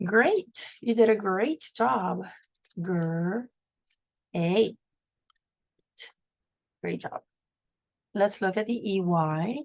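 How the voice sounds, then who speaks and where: A woman's voice: mid-range voice, lively intonation, slow, gravelly, long pauses, no room sound, low-quality recording. A woman teaching a phonics lesson, patiently sounding out words and spelling them letter by letter.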